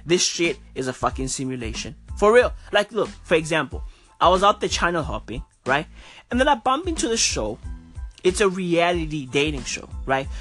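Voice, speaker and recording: A woman hosts a comedy podcast with a husky, breathy voice. Her pitch leaps around wildly while her delivery stays slow and drawn out. She rants in disbelief, swearing freely and tacking "bro" onto nearly every line. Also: fairly bright tone. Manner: incredulous, profane, repeats "bro" constantly. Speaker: podcast host. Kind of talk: comic monologue rant.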